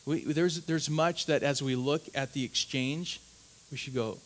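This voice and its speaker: A man's voice: on the high side, measured pace, a little hiss or hum. A man preaching a sermon in an earnest, emphatic way, often restarting his words and asking "right?". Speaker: pastor.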